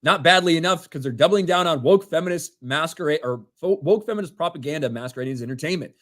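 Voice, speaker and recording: Man, 30s, livestream co-host, reading donations, a bit high-pitched. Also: animated, quick pace, fairly bright tone. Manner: reads names and messages, laughs often. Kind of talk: casual livestream banter.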